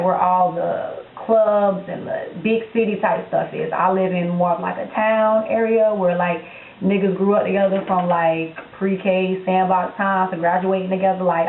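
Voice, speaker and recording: A woman's voice: mid-range voice, flat delivery, normal speed, slight background noise. Young florida woman with a florida accent, blunt sassy q&a vlog to her viewers, echoey room, kinda tinny. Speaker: vlogger. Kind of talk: casual Q&A vlog. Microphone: handheld camera.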